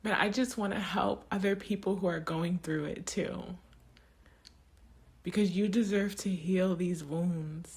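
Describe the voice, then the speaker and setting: Woman, low-pitched, slow, emotional, halting, tearful personal monologue. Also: fairly even intonation, a little mellow. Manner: emotional, halting, restarts often. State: tearing up. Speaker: spiritual vlogger.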